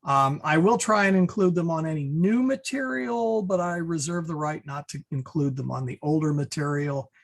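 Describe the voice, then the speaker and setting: A man teaching an online Latin class over a video call, relaxed with many fillers and restarts. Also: on the high side, normal speed, creaky, hardly any pauses.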